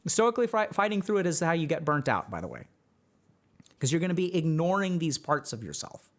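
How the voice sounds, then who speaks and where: A man hosting a livestream as a mental health coach, talking through advice in an animated way full of rhetorical questions and a frequent "right?". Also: a little high, a little fast.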